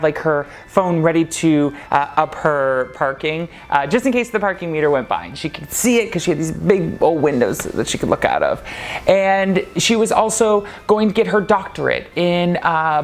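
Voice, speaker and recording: A man casually telling a personal story to camera, chatty and laughing often. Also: fairly high pitch. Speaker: vlogger.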